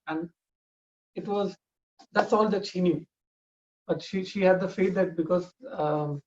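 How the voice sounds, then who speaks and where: A man's voice: a little high, darkish tone, highs cut off. A man telling a family story informally, talking conversationally with frequent restarts.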